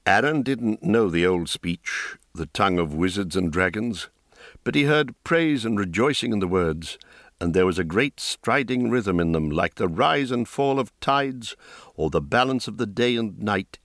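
A man reading a fantasy novel aloud in a measured, deliberate storytelling voice. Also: lowish voice, lively intonation, a bit bright, dry recording, clean studio sound. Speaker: audiobook narrator. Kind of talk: scripted narration of a fantasy novel.

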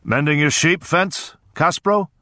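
A male narrator voicing a big, hearty, quietly threatening older lord, loud and genial in an audiobook reading. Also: on the high side, measured pace, no room sound, studio quality, voice pushed up. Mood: hearty, jovial. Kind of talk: audiobook character voice.

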